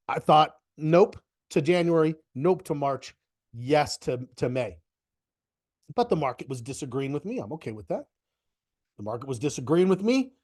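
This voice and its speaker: A middle-aged man with a slightly high voice hosts a live trading webinar over his computer mic, sounding stuffy from a cold. He rambles in a chatty way, doubling back on his words as he goes. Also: a little mellow. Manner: rambling, self-correcting, chatty. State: stuffy with a cold, occasional cough. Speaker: host of a market webinar. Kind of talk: casual live webinar talk.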